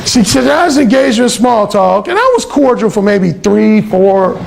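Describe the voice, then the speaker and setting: Blunt, animated man telling a story. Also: high voice, normal speed, gravelly, crowd noise. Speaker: dating coach and author. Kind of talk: casual storytelling monologue.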